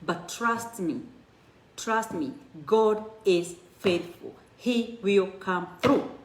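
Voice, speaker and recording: A woman's voice: medium pitch, slow pace. Earnest woman giving a church testimony. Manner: earnest, encouraging, with restarts. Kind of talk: personal testimony. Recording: echoey room.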